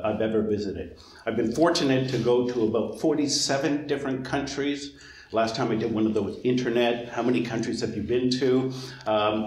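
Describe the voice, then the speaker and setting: A man's voice: medium pitch, reverberant, rough recording. A middle-aged man, a senior lecturer, giving a friendly, chatty presentation to prospective students with frequent "uh" fillers.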